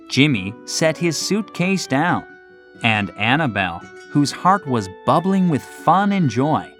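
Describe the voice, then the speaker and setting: A man narrating a classic short story for children in a slow, expressive scripted reading. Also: medium pitch.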